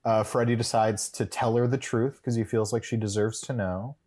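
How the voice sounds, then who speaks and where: A man's voice: fairly low pitch, steady tone, normal speed, darkish tone. A man co-hosting a podcast, recapping an episode in casual chat, rambling and correcting himself with dry humor. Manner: rambling, self-correcting, wry. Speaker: podcast co-host.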